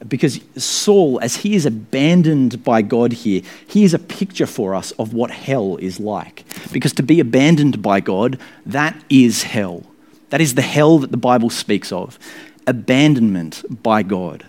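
An earnest male preacher delivering a sermon. His voice sits at a mid pitch and swings up in sudden, forceful rises for emphasis. Between those peaks he drops back to a quieter, steadier delivery. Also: animated, a little slow.

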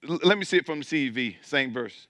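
A man's voice: mid-range voice, expressive, quick pace, sharp tone, no room sound. A man preaching as pastor, building intensity, with mocking asides about churchgoers. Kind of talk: sermon.

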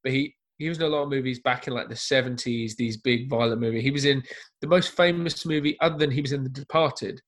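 A man's voice: mid-range voice, quick pace. A man from Essex with an Essex English accent, chatting casually about films and swearing now and then. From Essex, England. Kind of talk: casual chat.

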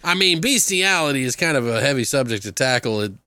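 A man hosting a casual chat, retelling a film with swearing, laughs and quotes acted out in high voices. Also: brisk, smooth, no room sound. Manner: animated storyteller, swears freely, acts out quotes in high voices. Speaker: podcast host reviewing a film.

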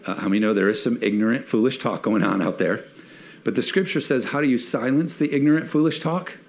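A man preaching from the pulpit with a lively, joking delivery. He slips into little acted-out voices for everyday scenes, his pitch sitting in a middle range. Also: fast talker. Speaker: pastor. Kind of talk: sermon.

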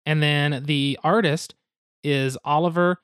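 A man's voice: a little high, fairly even intonation, takes it slowly, fairly bright tone, clear, resonant tone, no room sound, studio quality. A young man hosting a podcast, explaining a card game step by step with goofy asides and hedges. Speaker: podcast host explaining board games.

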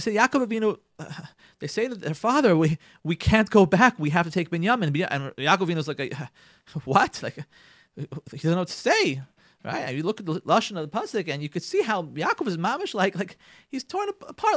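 Man, radio Torah speaker, high and lively, dramatic retelling to the audience, dry close mic. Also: quick pace, dry recording. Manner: dramatic storyteller, addresses "ladies and gentlemen", acts out dialogue; repeats and restarts phrases for emphasis. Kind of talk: animated Torah talk.

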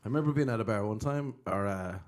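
A man's voice: lowish voice, a little fast. A young Irish man in casual chat as a podcast host, telling stories and laughing often. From Ireland.

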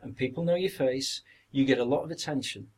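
An older man with a Yorkshire accent recalls his acting work in a relaxed interview. His voice is husky and mid-pitched. He rambles, repeats words, and briefly acts out other people's lines. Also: fairly quick, rough recording. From Yorkshire, northern England. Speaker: actor, podcast guest. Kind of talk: anecdotal interview reminiscence.

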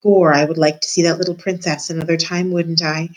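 A woman voicing a simple rustic girl servant who dreams of being a princess, hard of hearing and quick to shout. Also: sits low, level tone, low-quality recording. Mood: eager. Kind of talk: storybook reading.

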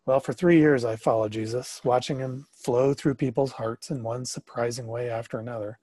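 A man narrating a story in the first person, expressive and sometimes rising to excited questions. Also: mid-range voice, moderate pace, breathy edge, no echo.

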